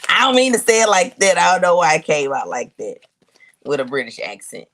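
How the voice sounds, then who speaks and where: Woman host, intuitive reader; colloquial, musing delivery with long hums, very animated pitch. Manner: musing, thinks aloud with long hums and pauses; colloquial, addresses viewers as y'all. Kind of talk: casual spiritual reading to camera.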